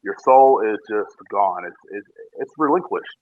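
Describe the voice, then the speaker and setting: A man's voice: fairly low pitch, expressive, measured pace. A man hosting a casual podcast, ranting in a profane, joking, rambling way while drinking. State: drinking bourbon while talking. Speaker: podcast host. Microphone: phone. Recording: tinny phone-app audio.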